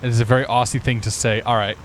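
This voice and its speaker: A man's voice: medium pitch, level tone, fast talker, slight background noise, low-quality recording. A man streaming a flight simulator, chatting casually with viewers and thinking aloud.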